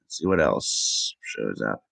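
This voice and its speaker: A man vlogging and reading aloud from the screen, halting with ums and self-corrections. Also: rumbling low, big pitch swings, creaky, a bit bright, no echo, poor audio. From Minnesota. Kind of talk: reading aloud from web pages.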